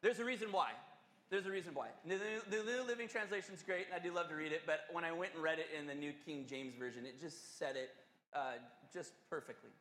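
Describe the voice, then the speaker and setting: A male pastor preaching a sermon, telling a story in an animated, conversational and earnest way. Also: fairly high pitch, fast, a little hiss or hum. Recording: echoey hall.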